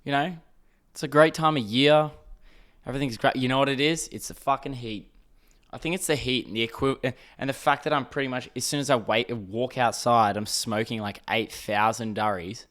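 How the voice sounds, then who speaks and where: A man's voice: mid-range voice, steady tone, moderate pace, fairly bright tone. Swearing Australian man ranting casually. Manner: swearing, exasperated ranting with restarts. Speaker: podcast host. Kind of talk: casual solo podcast rant.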